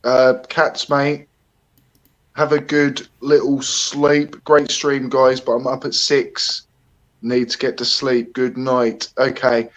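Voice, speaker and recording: A man's voice: mid-range voice, flat delivery, slow pace. A man hosting a casual live stream, chatty and a little hesitant, greeting viewers by name. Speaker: livestream host.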